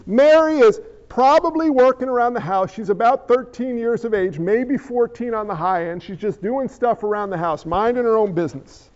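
A man preaching a sermon as pastor, animated and jokey as he retells the story. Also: very high-pitched, moderate pace, hardly any pauses, muffled recording.

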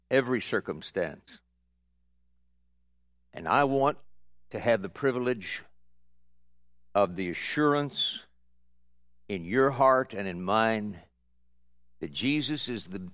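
A man, a pastor, ending a sermon with calm, measured exhortation to the congregation. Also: on the low side, no room sound.

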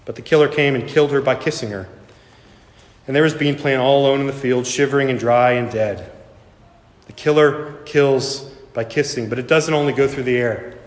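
A man preaching a sermon and telling a story, earnest and slow, dropping soft for emphasis. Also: mid-range voice, fairly even intonation. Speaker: pastor. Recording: echoey hall reverb.

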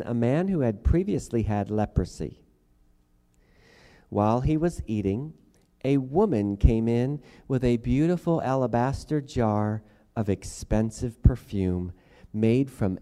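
A man preaching a sermon, reading scripture and then preaching dramatically, swinging from quiet passages to loud, forceful ones. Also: mid-range voice, big-room sound. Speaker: pastor.

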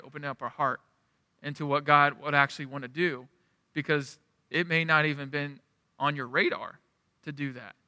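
A man's voice: on the high side, pushed and bright, clean tone, dry recording, studio quality, big-room sound. A male pastor preaching a sermon in a conversational, storytelling way, often restarting his sentences.

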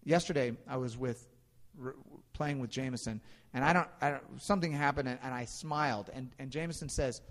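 A man in his thirties preaching a sermon in a relaxed, anecdotal way, often pausing with ums and restarting his sentences. His medium-pitched voice rings out with a long reverb tail, as in a large church sanctuary. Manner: casual, anecdotal preaching with frequent fillers and restarts. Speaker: pastor.

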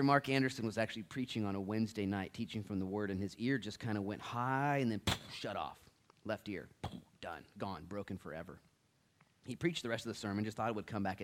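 Animated joking man preaching. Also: fairly low pitch. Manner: animated, joking asides, swings from loud to hushed. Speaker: pastor. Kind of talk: sermon.

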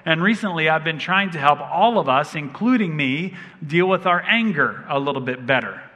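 A man's voice: on the high side, expressive, moderate pace, pushed and bright. A man in his thirties preaching a sermon as a pastor, telling stories with humor and animation. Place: large church hall. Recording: long reverb of a big hall.

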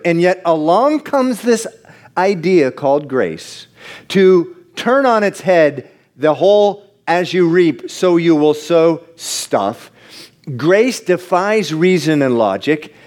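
A man preaching a sermon to a congregation, moving from hushed, slow passages to loud, excited bursts. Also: on the high side. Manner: animated preaching, jumps between hushed and loud. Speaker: pastor.

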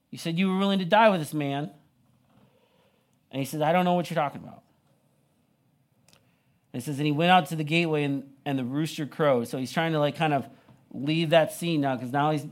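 A young man preaching a sermon, retelling the story in a casual, conversational way full of "like" and "you know". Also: fairly high pitch. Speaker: pastor.

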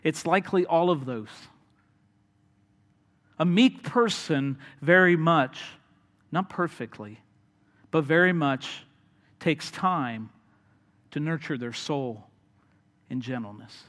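A man delivers an earnest sermon at an unhurried pace, his voice sitting a little high for a man. His words ring out with a long reverb, as if spoken in a large hall. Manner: earnest, builds to animated storytelling with acted voices. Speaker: preacher.

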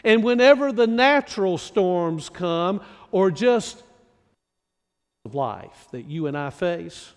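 A male pastor from North Carolina delivers a sermon at an unhurried, measured pace. His voice sits high for a man, and he leans on rhetorical questions to draw the listener in. A long reverb trails each phrase, as in a large hall. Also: animated, clean tone. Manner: slow, deliberate preaching with many rhetorical questions.

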